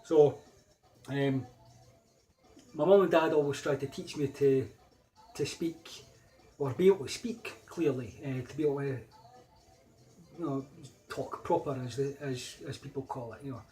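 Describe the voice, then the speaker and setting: A middle-aged man from Scotland, a vlogger, tells personal anecdotes in a casual, rambling way, getting emphatic when he replays old arguments. His voice is medium-pitched, unhurried, and warm.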